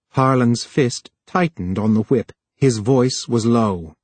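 Husky male audiobook narrator. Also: mid-range voice, slow, few pauses, a little mellow, dry recording. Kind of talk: scripted narration.

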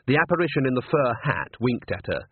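A man narrates a storybook in a dry, even reading voice with a husky edge. The sound is squeezed into a narrow, phone-like band, and there is no room echo at all. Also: medium pitch, brisk. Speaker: audiobook narrator. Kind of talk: scripted narration.

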